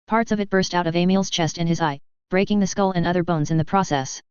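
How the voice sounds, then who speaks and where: Woman reading a fantasy book out loud, lowish super clear voice, dry kinda dull audio. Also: fast, no room sound. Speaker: audiobook narrator. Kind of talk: scripted first-person narration.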